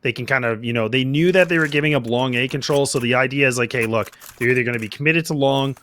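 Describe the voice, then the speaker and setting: A man giving quick, analytical color commentary on a competitive shooter match, chatty with frequent restarts. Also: medium pitch, fairly bright tone. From Canada.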